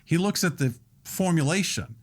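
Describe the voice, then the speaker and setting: A man in his sixties, a restaurant owner and guest on a podcast interview, explaining things at length in a steady, detailed way. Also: on the high side, moderate pace.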